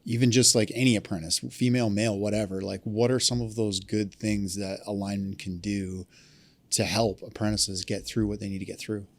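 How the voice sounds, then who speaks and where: Man, podcast host, fairly low voice, short backchannels, open questions. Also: fairly even intonation, brisk. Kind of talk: casual podcast interview.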